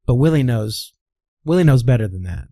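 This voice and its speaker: A man's voice: medium pitch, expressive, moderate pace, mellow, no echo. A man from the American Midwest, a voice coach, explaining as an interview guest in a teacherly way, asking rhetorical questions and answering them himself. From Midwestern United States.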